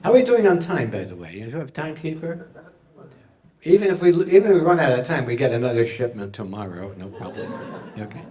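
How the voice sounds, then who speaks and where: A man's voice: mid-range voice, very animated, fast, some chatter behind. A man doing stand-up comedy for a live audience, punning and playful, taking questions. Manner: punning, playful, loud jokey delivery. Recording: roomy hall, mic at a distance.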